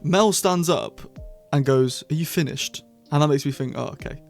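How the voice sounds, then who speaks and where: A man chatting excitedly as he reviews episodes of a TV series, full of quick asides. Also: on the high side, vocal fry, soft background music. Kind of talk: casual review monologue.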